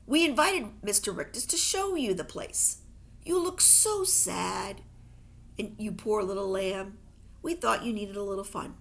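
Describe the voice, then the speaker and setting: A woman's voice: medium pitch, animated, a little slow, creaky, a bit bright. A woman reading a novel aloud, voicing a doting mother who coos soothingly on the phone. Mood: cooing. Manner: cooing, soothing. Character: doting, cooing mother of a boy.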